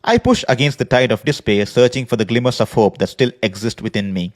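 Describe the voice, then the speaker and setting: A man hosting a podcast, speaking in an earnest, measured personal monologue from a prepared script. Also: mid-range voice. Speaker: podcast host. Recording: podcast voice recording.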